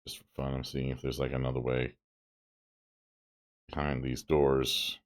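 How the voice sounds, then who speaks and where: A man's voice: rumbling low, monotone, measured pace. A male streamer giving chatty, amused game commentary, thinking aloud as he plays.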